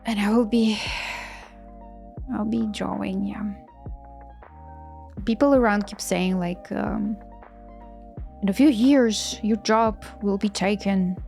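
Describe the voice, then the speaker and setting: An artist in her thirties chats casually on a live stream while drawing, enthusiastic and frequently restarting sentences in non-native English. Her mid-range voice has a darkish tone and moves slowly, with long pauses. Faint music plays in the background.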